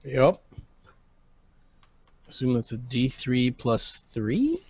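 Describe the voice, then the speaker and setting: A man's voice: mid-range voice, very animated, very slow, a little mellow, husky, no room sound, highs cut off. A man playing in a tabletop game, talking unhurriedly and hesitantly. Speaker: player. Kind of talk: casual tabletop game chat.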